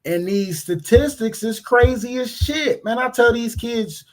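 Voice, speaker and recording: A man's voice: extremely high pitch, measured pace, hardly any pauses, poor audio. A man co-hosting a casual podcast, talking bluntly with lots of slang and swearing. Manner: blunt, animated, heavy slang and profanity. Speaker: podcast co-host. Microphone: remote stream mic.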